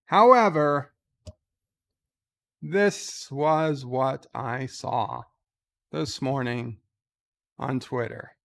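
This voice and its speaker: A man giving slow, halting casual commentary, reading out posts and answering them with many ums and uhs. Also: medium pitch, vocal fry. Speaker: YouTuber reading and answering tweets.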